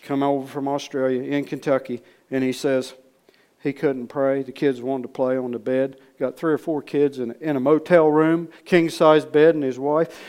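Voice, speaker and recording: A man preaching in a storytelling way, folksy and repetitive, swinging from loud re-enactment to hushed asides. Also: medium pitch, little pitch movement, normal speed, smooth. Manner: repeats words, folksy speech. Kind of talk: storytelling sermon.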